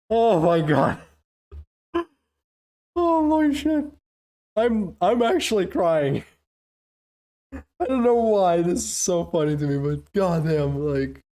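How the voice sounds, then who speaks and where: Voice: medium pitch, darkish tone. A streamer giving live playthrough commentary, swearing often and laughing through the talk.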